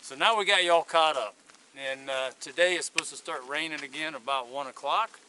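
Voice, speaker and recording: A man's voice: on the high side, brisk, noisy background. A man chatting to a handheld camera outdoors on a hiking trail, rambling through a long story in a casual vlog. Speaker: hiker vlogging his thru-hike. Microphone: handheld video camera.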